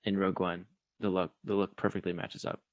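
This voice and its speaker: A man's voice: low voice, flat delivery, a little fast, no room sound, lo-fi sound. A man co-hosting a podcast in easygoing casual chat, explaining things he looked up. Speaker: podcast co-host.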